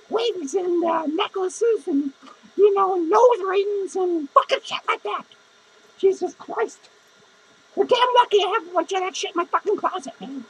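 A man's voice: very high voice, low-quality recording. A man playing a foul-mouthed, drunk, lonely female clown who rambles, curses constantly and grumbles through a comic podcast monologue. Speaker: podcast host character. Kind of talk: improvised comedy monologue.

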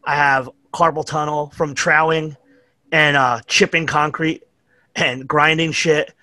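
A man's voice: fairly high pitch, little pitch movement, a little slow, sharp tone, dry recording. A middle-aged man with a New York accent, telling rambling, profane stories as a podcast guest. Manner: profane, rambling anecdotes with acted-out quotes. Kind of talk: casual storytelling chat.

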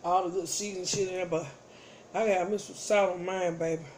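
A woman's voice: fairly low pitch, steady tone, a little fast, a little mellow. Woman eating on cam and chatting, playful, humming over the food, kinda noisy recording. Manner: chatty and playful, talks to viewers while eating, hums and savors. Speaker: mukbang vlogger. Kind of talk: casual eating vlog chat.

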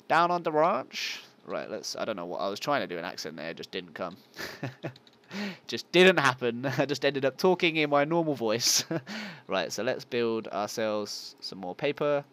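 Excitable man playing a game. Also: mid-range voice, moderate pace. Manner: excitable, self-mocking, talks to viewers; yelps at game monsters. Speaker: gaming channel host. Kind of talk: casual let's play commentary.

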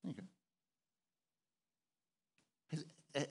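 Pastor preaching in a reverberant hall. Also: male voice, a little high, expressive, fairly quick, breathy edge. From South Africa. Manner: conversational, asks the congregation questions. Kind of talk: sermon.

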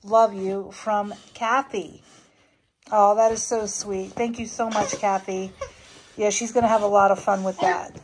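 A woman chatting to her dog in a pet vlog, cooing in a high sing-song voice and laughing often. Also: level tone, normal speed, background noise.

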